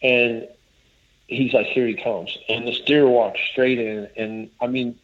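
Guy rambling thru a story, mid pitch, keeps restarting, kinda muffled lo-fi audio. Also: little pitch movement, slow pace. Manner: rambling, restarts often, quotes others in his story. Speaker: guest telling a hunting story. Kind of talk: casual spoken storytelling. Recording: dull lo-fi audio.

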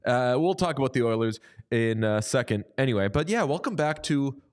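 A man co-hosts a sports talk show in loose, casual chat. He rambles and jokes with a wry edge. His voice sits at an everyday middle pitch. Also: lively intonation, clean tone. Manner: wry, rambling, quick to joke. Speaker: podcast co-host.

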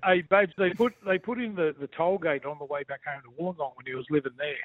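A man's voice: a little high, fairly even intonation, fast talker, dry recording. An Australian man calling in as a guest, joking boisterously and calling everyone mate. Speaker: phone-in guest, former footballer. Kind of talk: casual banter. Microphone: phone. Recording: tinny phone line.

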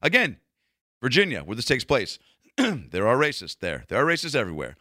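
A man's voice: medium pitch, huge pitch swings, brisk, bright, forceful tone, dry recording, studio quality. A man, a comedian, rambling through a profane, casual monologue full of restarts.

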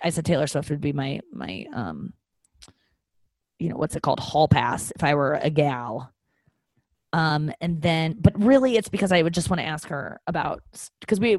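A woman's voice: sits low, a little mellow, no room sound. Rambling, candid woman podcast host. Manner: rambling, with many fillers and restarts; candid and self-mocking. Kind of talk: casual confessional monologue.

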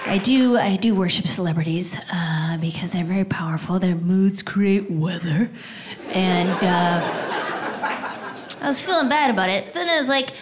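A woman's voice: on the low side, normal speed, slight background noise. A woman comedian performing a stand-up routine for a live audience, building to mock-preachy bits.

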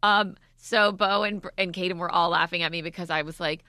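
A woman in her thirties co-hosting a podcast, telling a story in lively casual chat, acting out quotes and swearing. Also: lowish voice, brisk, dry recording. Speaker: podcast co-host.

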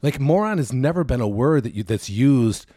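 A man's voice: mid-range voice, expressive, moderate pace, mellow, no echo, studio quality. A man co-hosting a podcast in casual chat, ranting sarcastically and swearing freely. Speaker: podcast co-host.

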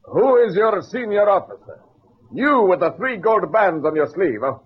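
A suave Italian sub commander. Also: male voice, sits high, lively intonation, normal speed, husky, full character voice. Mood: persuasive. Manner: courteous, wheedling, full of hesitations. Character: Italian submarine commander, short, fat, mustached, smooth and persuasive. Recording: dull old radio broadcast.

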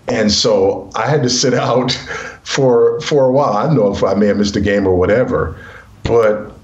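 A middle-aged man from Los Angeles, a guest author telling stories in an earnest, animated way during an interview. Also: fairly low pitch, dull audio. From South Central Los Angeles, USA. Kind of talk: interview storytelling. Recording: roomy echo.

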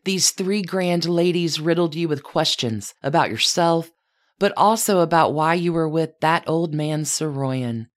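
This podcast host, a woman with a strikingly low voice, delivers scripted narration aimed squarely at her subject as "you." Her pacing is even and measured throughout.

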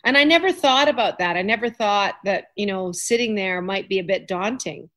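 A woman's voice: medium pitch, expressive, moderate pace, fairly bright tone. A woman hosting an interview podcast, chatty and self-deprecating, joking as she goes. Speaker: podcast host. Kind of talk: casual interview chat.

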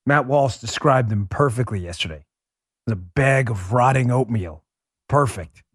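A man from New York City hosting a podcast, delivering a heated, sarcastic political monologue that rises into shouts. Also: mid-range voice, expressive, normal speed, slightly rough, no room sound, clean studio sound. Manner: combative, sarcastic, rising to shouts. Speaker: podcast host.

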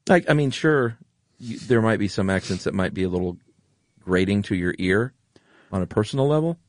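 Lowish in pitch, with lively intonation and a fairly quick delivery, a middle-aged General American man co-hosts a podcast in an eager, effusive mood. The recording is dry and the studio sound clean.

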